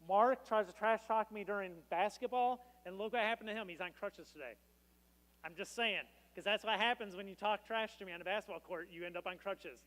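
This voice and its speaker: A man's voice: high-pitched, brisk, fairly bright tone. A man preaching a sermon as pastor, with a casual, joking storytelling manner. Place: church. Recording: long reverb in a church hall.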